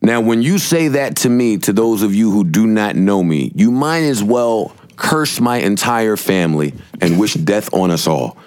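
A man hosting a podcast, telling stories with lots of animated quoting and profanity in casual chat. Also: on the low side, measured pace, few pauses. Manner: animated storytelling, acting out quotes, profane. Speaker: podcast host.

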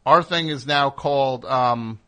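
A man's voice: medium pitch, measured pace, pushed and bright. A man hosting a comedic talk show, riffing in a rambling, sarcastic way with plenty of fillers. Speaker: host.

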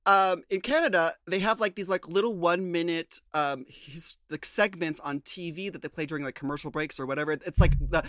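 A man's voice: a little high, fairly quick, hardly any pauses, a bit bright, no room sound, studio quality. Rambling, chatty man co-hosting a podcast. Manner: rambling, full of fillers like "like" and "um". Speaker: podcast co-host. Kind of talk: casual recap chat.

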